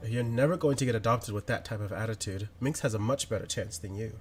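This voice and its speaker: A man's voice: on the low side, fast, darkish tone, slight background noise, natural voice. A man playing a prim orphanage caretaker woman. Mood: scolding. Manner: prim and correcting.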